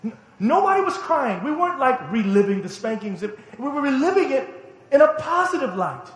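A man's voice: very high-pitched, sing-song, a little fast, fairly bright tone, echoey room. A middle-aged man preaching a sermon, telling family stories emphatically and laughing along the way. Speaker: pastor. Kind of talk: sermon storytelling.

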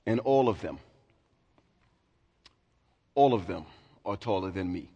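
A man's voice: low voice, expressive, takes it slowly, warm tone, muffled recording, slight background noise. Pastor in his forties, reverberant church. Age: 40s. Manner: conversational, self-deprecating, with restarts. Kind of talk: sermon. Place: church sanctuary. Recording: long hall reverb.

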